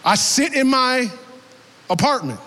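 A young man preaching a sermon as an animated storyteller, dropping his voice low for quoted people and rising to shouts. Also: unhurried. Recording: long hall reverb.

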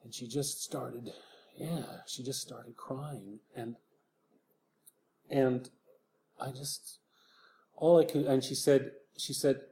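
Gravelly soft-spoken man, halting. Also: medium pitch. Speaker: author. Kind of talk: reflective interview talk.

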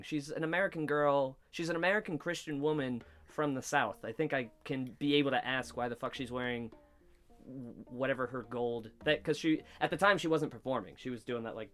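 A man's voice: medium pitch, a little fast. A man hosting a casual comedy podcast, rambling and swearing as he acts out little exchanges, recorded in a basement studio. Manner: rambling, swears often, animated quoting. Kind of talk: casual chat.

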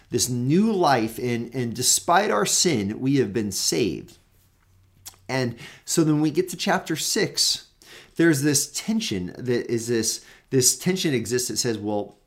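With a mid-range voice, a male Bible teaching show host chats in an earnest, casual way. Fillers and restarts come often, and his delivery turns emphatic on the main points.

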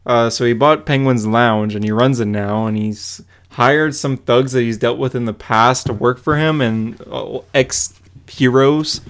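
A man's voice: mid-range voice, unhurried. A young man rambling through a comic recap. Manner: rambling, many fillers, laughs while retelling. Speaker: podcast co-host. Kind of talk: casual comic book recap.

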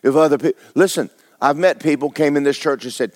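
A man's voice: fairly high pitch, quick pace, darkish tone, dry recording, studio quality. A man preaching a sermon as pastor, talking to his congregation with rhetorical questions. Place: church sanctuary.

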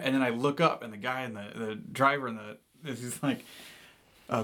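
A man in his thirties, a podcast co-host, telling a long story casually, animated and full of "like". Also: medium pitch, moderate pace. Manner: animated, rambling with lots of "like".

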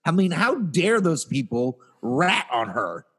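Man, podcast co-host, casual rambling talk, lively pitch, swears a lot. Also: slow, breathy edge. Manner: rambling, profane, trails off mid-sentence. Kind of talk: casual chat.

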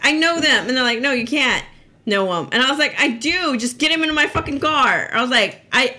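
A woman's voice: high-pitched, expressive, brisk, pushed and bright. A woman, a school teacher, telling a story in casual chat, laughing, swearing and acting out the quotes. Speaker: podcast guest, school teacher.

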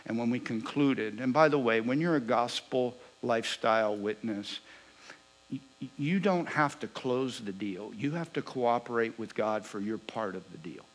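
Animated male preacher telling a story. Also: mid-range voice, moderate pace, low-quality recording. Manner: animated storyteller, swinging between loud bursts and hushed asides. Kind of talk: storytelling sermon.

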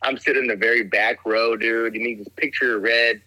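Laid-back young man, bright dry voice. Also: medium pitch, fairly even intonation, a little fast, dry recording, poor audio. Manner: laid-back storyteller, says "dude" constantly. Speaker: guest telling stories. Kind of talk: casual chat.

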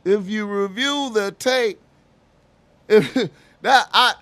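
A man talking on his own in a casual, slangy monologue, swearing, repeating phrases and now and then shouting in voices he mimics. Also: high-pitched, drawn-out words. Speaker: commentator.

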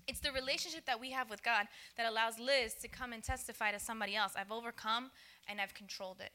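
This woman's voice sits on the high side, bright and forceful, as she gives a conversational sermon as a church speaker. Chatty throughout, she speaks right to the audience and performs small dialogues with laughs.

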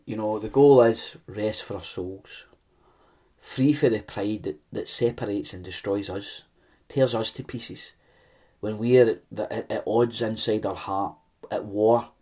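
Earnest low-voiced Scottish preacher. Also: male voice, a little mellow. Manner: earnest, repeats and restarts phrases, reads aloud. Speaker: pastor. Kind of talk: sermon.

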